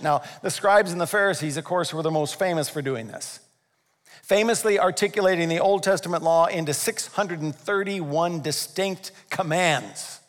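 A man preaching a sermon as pastor, animated, acting out voices and asking his listeners questions. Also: on the high side, moderate pace, big-room sound. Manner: animated, acts out voices, asks the audience questions.

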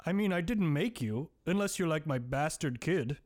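An actor playing a drunk, lonely necromancer who talks in a gruff, blunt, self-pitying way. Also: male voice, fairly high pitch, animated, moderate pace, darkish tone, no echo, studio quality, natural voice. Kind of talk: comedy voice acting.

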